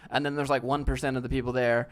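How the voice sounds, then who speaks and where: Speaking quickly in a mid-range voice with flat delivery, a man hosts a casual live Q&A stream from a desk setup with a DSLR camera. He bluntly answers chat and critiques a viewer's portfolio, using slang like "fam" and "dude."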